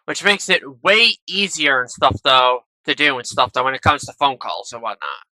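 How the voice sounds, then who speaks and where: Give me a man with a smooth, crisp voice rambling casually to viewers while he plays, dry and close on the mic. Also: mid-range voice, animated, moderate pace, bright, forceful tone, no room sound, poor audio. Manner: tacks "though" and "and stuff" onto nearly every phrase; chatty, rambling asides to viewers. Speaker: gaming video creator. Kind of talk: casual gameplay commentary. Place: at home, recording at a PC. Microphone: gaming headset.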